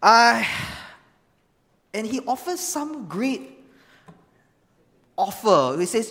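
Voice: mid-range voice, very animated, very slow, long pauses, a bit bright. A preacher, reading scripture expressively and explaining it in a sermon. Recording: long reverb of a large hall.

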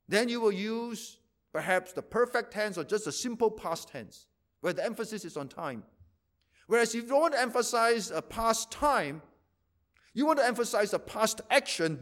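A pastor preaching a sermon, repeating phrases for emphasis and swinging from loud to quiet. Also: male voice, high voice.

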